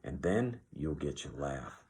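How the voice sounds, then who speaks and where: A man voicing a calm, respected mule driver in a deep, steady drawl for an audiobook. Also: slow pace, heavily acted. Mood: stern.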